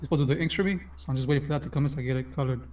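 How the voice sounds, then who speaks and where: A man's voice: mid-range voice, rapid-fire, darkish tone. A man who is a comic artist guest on a casual stream, easygoing and offhand.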